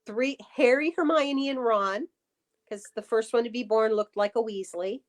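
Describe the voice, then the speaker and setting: Animated woman telling a ghost story. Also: a little high, normal speed. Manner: animated storyteller, many restarts. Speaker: guest. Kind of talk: casual live-stream chat.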